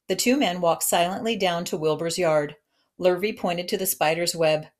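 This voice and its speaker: Lady reading a kids' chapter book out loud, gentle and expressive. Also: on the low side, normal speed. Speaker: narrator. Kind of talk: reading a children's novel aloud.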